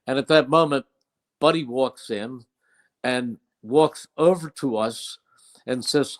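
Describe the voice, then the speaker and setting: A man's voice: medium pitch, slow pace, pauses often. An older man, a veteran broadcaster, telling fond anecdotes in an interview with emphatic, storytelling delivery. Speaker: play-by-play broadcaster.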